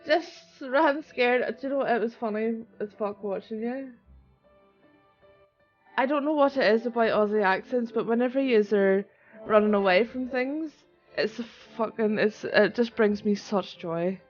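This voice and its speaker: A young woman from Northern Ireland with a Northern Irish accent, chatting casually and excitably on a live stream and swearing often. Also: fairly high pitch, moderate pace. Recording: dull lo-fi stream audio with soft music. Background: soft music.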